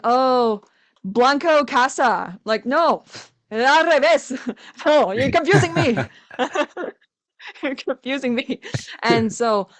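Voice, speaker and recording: Young woman on a podcast, lively storyteller, does little voices for people she quotes, laughs a lot. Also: mid-range voice. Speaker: podcast guest, language coach. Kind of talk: casual conversation.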